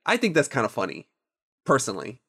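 Guy hosting a podcast, rambly and animated, middle pitch, dry close mic. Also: fast talker, gravelly, breathy edge, dry recording. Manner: rambling, animated storytelling with many restarts. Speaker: podcast host. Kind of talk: casual chat.

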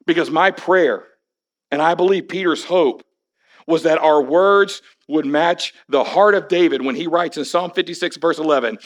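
Hoarse pastor in his forties. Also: on the high side, moderate pace. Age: 40s. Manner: personal storytelling with wry humor. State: hoarse after illness. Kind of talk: sermon. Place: church sanctuary.

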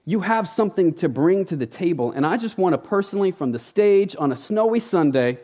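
A man's voice: high voice, animated, brisk, mellow. Emphatic, conversational male preacher. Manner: conversational, emphatic, direct appeals to the congregation. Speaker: pastor. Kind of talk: sermon. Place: church stage.

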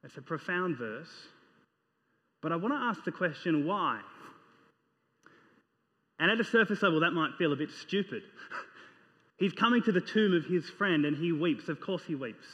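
A man's voice: on the high side, animated, normal speed, pauses often, a bit bright. A man preaching a sermon, reading scripture aloud and putting questions to his listeners in an earnest way. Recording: dull sound with long reverb in a hall.

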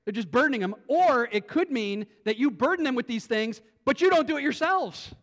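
A male pastor preaching a sermon, animated, swinging from quiet thinking-aloud asides to loud emphatic lines. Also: extremely high pitch, a little fast. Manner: repeats words and restarts as he thinks aloud.

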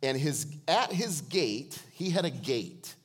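A man's voice: medium pitch, expressive, slow pace, husky. A man preaching a sermon as guest preacher in a church, joking and calling on the congregation to answer him. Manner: joking, calls on the congregation to respond.

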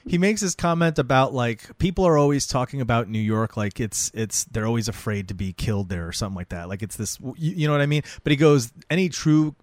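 A man's voice: medium pitch, animated, fast, hardly any pauses, no room sound. Laid-back man recapping a show. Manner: laid-back, quotes scenes with filler. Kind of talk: casual chat recapping a TV show.

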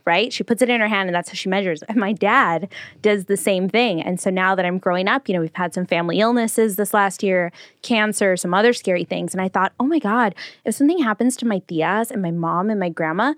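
A young woman hosting a relaxed conversation, telling stories with lively energy. She speaks at a medium pitch, recorded close and dry. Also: a little fast, no echo. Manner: lively storyteller, does voices for quoted people. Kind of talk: casual storytelling chat.

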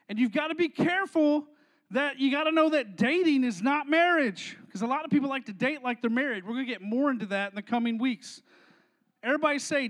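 A young man leads a youth service, his voice unusually high and bright in tone. He stays playful and energetic, bantering with kids between skits. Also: fairly quick. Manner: playful, energetic, talks to crowd. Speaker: youth pastor. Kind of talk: youth sermon with skit.

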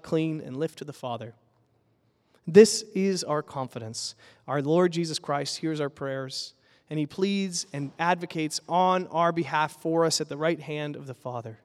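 A pastor preaching a sermon in an earnest, emphatic way, building with repeated phrases. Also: male voice, fairly high pitch, measured pace, in a large hall.

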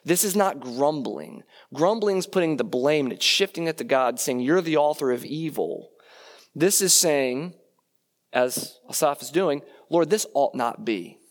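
A man's voice: on the high side, a little slow. Man preaching with constant rhetorical asides. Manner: conversational, rhetorical questions, frequent "right?" tags. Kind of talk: sermon.

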